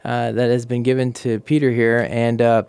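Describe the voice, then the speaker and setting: A man, a pastor, interviewing a guest in a relaxed talk, rambling with many fillers and restarts. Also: mid-range voice, moderate pace, gravelly, clear, resonant tone, no echo. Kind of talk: casual faith interview.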